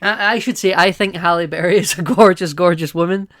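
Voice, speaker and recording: A man's voice: sits high, steady tone, brisk, a bit bright. Chatty man rambling through a film review. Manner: rambling and playful, with frequent asides and laughs. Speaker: podcast co-host. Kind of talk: casual film-review chat.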